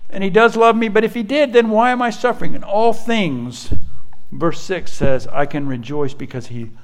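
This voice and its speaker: A pastor preaching a sermon in an earnest, conversational way. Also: male voice, high voice, moderate pace.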